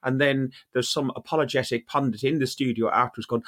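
A man's voice: medium pitch, expressive, a little fast, few pauses, a bit bright. Guy, middle voice, wry and mocking, casual podcast chat. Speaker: podcast co-host.

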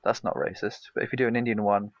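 A man's voice: on the low side, fast talker, no room sound. A man co-hosting a podcast, talking in a laid-back, rambling way. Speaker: podcast co-host. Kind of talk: casual chat. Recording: dry, dull lo-fi sound.

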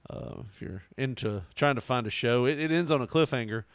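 A man's voice: mid-range voice, a little fast, background noise. A man in casual podcast chat, telling stories and laughing often. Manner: laughs often, animated storytelling. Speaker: podcast co-host.

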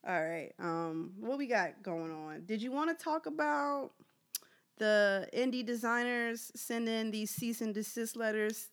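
A woman's voice: fairly high pitch, unhurried. A woman co-hosting a podcast in casual chat, reacting with frequent exclamations and laughter. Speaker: podcast co-host.

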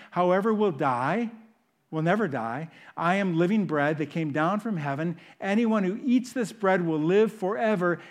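A man preaching a sermon, swinging between loud emphatic bursts and hushed, intimate asides. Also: a little high. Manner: animated, rises loud for emphasis then drops to hushed. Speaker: pastor. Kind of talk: sermon teaching.

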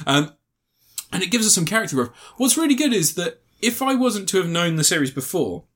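A young man with a high, slightly bright voice and big pitch swings chats briskly about a film he watched. He reviews it in a rambling, profane way, laughing frequently and restarting what he says.

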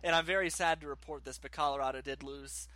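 A man co-hosting a podcast, chatting casually about sports with animated, ranting opinions. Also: on the high side, quick pace, a crowd in the background. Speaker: podcast co-host.

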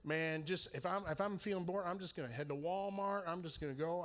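A man's voice: sits high, brisk, a bit bright. A man preaching in a casual storytelling way, laughing as he acts out the conversations in his story. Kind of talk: storytelling sermon.

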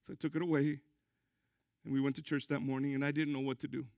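A middle-aged man, a pastor preaching a sermon, emphatic, with sudden loud high bursts. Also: little pitch movement, quick pace, dry recording, studio quality.

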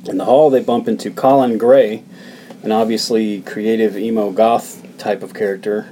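Mellow-voiced man recapping a movie. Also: on the low side, normal speed, a little hiss or hum, rough recording. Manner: relaxed storytelling, hedges with uh and like. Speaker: podcast co-host recapping the film. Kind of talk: casual chat, plot recap.

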